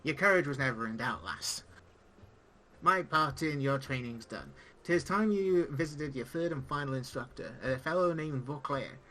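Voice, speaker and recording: A man voicing a gruff old male tavern keeper and former lancer, reading game dialogue aloud with pirate-esque speech. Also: medium pitch, animated, moderate pace, sharp tone, poor audio. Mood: storytelling. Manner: pirate-esque speech with dropped g's and "aye".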